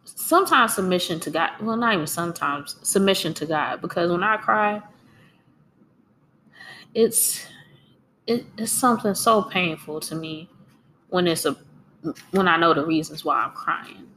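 A woman's voice: on the low side, measured pace, long pauses, slight background noise. A woman giving an earnest, encouraging devotional talk while tearful and crying a little. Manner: earnest and encouraging, with soft laughs. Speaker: speaker sharing faith.

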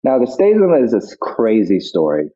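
A man's voice: lowish voice, huge pitch swings, moderate pace, mellow, slightly rough. A man being interviewed as a guest actor, telling stories reflectively with many restarts, over a tinny phone-like line. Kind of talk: interview conversation.

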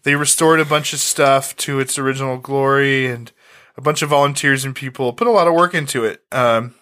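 A man's voice: medium pitch, steady tone, a little fast, pushed and bright. A man co-hosting a casual podcast, recapping an old TV episode in a laid-back, joking way with profane asides. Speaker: podcast co-host.

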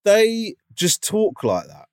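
A man's voice: sits high, huge pitch swings, takes it slowly, darkish tone, clear, resonant tone, dry recording, studio quality. A man co-hosting a podcast, chatting casually and telling a rambling story full of fillers. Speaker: podcast co-host. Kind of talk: casual chat.

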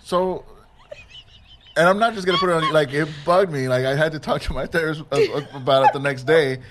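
A man comedian in casual conversation, explaining himself with halting restarts and repeated words. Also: a little high, noisy background. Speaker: stand-up comedian. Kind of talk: casual podcast chat.

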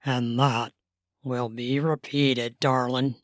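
A woman's voice: a bass voice, slow pace, no echo, clean studio sound, voice pushed down. Woman doing a mopey sing-song man. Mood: content. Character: mellow sing-song middle-aged male lover. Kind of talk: erotic story reading.

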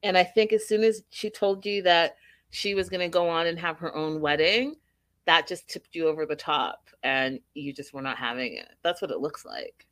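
A woman's voice: fairly low pitch, moderate pace, fairly bright tone, no room sound. Woman chatting through a reality show recap, judgy, lots of "whose fault is that", dry close sound. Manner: opinionated, full of rhetorical questions. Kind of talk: casual recap commentary.

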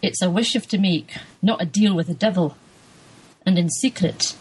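Husky scottish woman full of old folk lore, homely and scolding, read out by a woman. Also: on the low side, moderate pace, a little mellow, poor audio. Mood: knowing. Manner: homely, scolding, sure of fate.

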